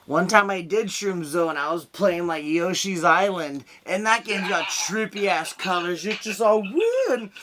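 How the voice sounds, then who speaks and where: A man's voice: high voice, unhurried, hardly any pauses, background noise. A young man doing a stand-up set over a video call, rambling through crude stories. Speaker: stand-up comedian.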